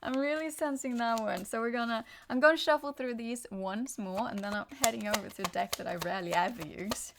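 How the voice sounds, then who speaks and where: Over some background noise, a young woman with a mid-range voice gives a casual tarot reading. She rambles and keeps cutting herself off with animated bursts of frustration.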